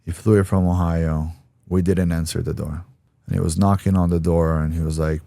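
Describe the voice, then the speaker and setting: A man with a low, deep voice tells a candid personal story as a podcast guest. He talks frankly and swears now and then. The recording is dry and close, with no room sound. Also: flat delivery, normal speed, creaky, warm tone, no echo. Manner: frank, profane, acts out quoted voices.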